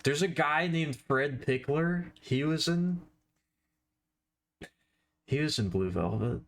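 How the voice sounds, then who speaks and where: A man's voice: on the high side, lively intonation, slow pace. A man chatting casually on a live stream while he draws, rambling and self-deprecating, with offhand swearing.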